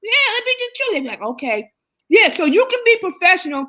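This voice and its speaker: A woman with a high voice tells stories with a lot of animation, using slang in an easygoing way. She talks in casual chat on a livestream. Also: very animated, fast, pushed and bright.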